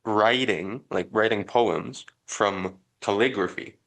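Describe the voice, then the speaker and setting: Bright-toned man posing counterexamples. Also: fairly low pitch, slow pace. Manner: questioning, pushes back with counterexamples. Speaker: podcast co-host. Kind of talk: casual discussion.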